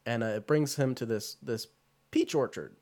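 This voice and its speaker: A man co-hosting a podcast, retelling a film in a loose, rambling way full of fillers and quick put-on voices. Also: medium pitch, a little mellow. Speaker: podcast co-host. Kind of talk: casual movie chat.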